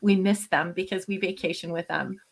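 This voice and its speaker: Lively Canadian woman guest chatting. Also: on the low side, normal speed, vocal fry, husky. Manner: animated, laughs often. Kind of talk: casual podcast chat.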